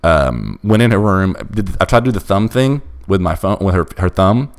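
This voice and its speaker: A man's voice: deep voice, expressive, normal speed. A young man telling a bizarre personal story in a casual chat, emphatic and restless. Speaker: storyteller guest.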